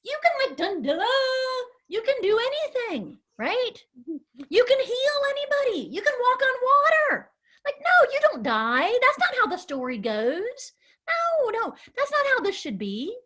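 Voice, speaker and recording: A woman's voice: very high-pitched, wildly swooping pitch, a little slow, a bit bright, voice pushed up, exaggerated voice. A woman acting out the disciples as amazed men who exclaim in awe and then protest, in a children's Bible lesson. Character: amazed, excitable disciples, men, gasping in wonder.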